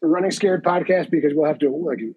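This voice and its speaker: Husky joking podcast host, man. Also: a little high, fairly quick, long reverb tail, phone-quality sound. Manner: joking, rambling, self-mocking. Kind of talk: casual comedic chat.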